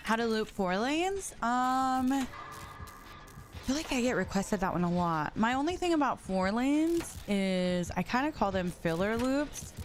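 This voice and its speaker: A woman's voice: a little high, lively intonation, measured pace, soft background music. A young woman streaming a game, chatting casually and reading messages from her chat with frequent giggles.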